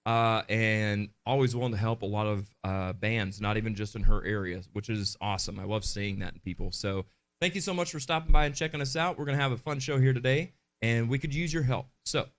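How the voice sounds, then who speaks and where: A man's voice: on the low side, fairly quick. A man co-hosting a live podcast, chatting casually and reading viewer comments aloud in an upbeat way. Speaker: podcast co-host.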